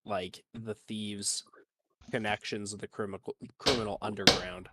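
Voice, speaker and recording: A man's voice: fairly low pitch, flat delivery, normal speed, pushed and bright. A man playing a tabletop game, explaining his character's moves in a rambling way and swearing casually. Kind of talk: casual gaming chat.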